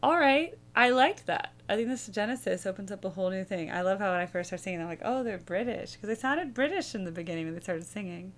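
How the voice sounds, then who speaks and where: A woman's voice: medium pitch, expressive, quick pace, hardly any pauses. Rambling woman host musing aloud. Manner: musing, rambling, hums melodies. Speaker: music reaction host. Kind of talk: casual reaction chat.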